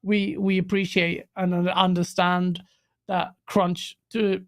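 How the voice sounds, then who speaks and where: A man's voice: high voice, level tone, takes it slowly, clean tone. A man, a guest on a casual podcast, talking bluntly and joking with the host. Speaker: guest content creator.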